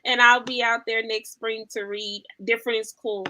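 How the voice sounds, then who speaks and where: A woman's voice: fairly high pitch, level tone, moderate pace, over a noisy crowd. A woman guest author chatting eagerly in an interview, answering with enthusiasm. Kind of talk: interview chat.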